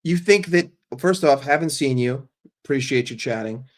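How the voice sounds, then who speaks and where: This livestream host has a medium-pitched, expressive voice. He handles chat casually and bluntly, peppering replies with profanity and quick humor.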